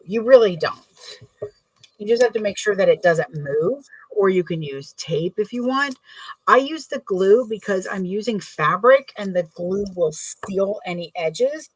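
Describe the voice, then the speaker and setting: Chatty, husky-voiced woman sewing. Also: mid-range voice, animated, normal speed, no room sound, recorded from a distance, rough recording. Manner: chatty, rambling, self-correcting while working. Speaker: bag maker demonstrating sewing. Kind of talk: casual sewing tutorial chat.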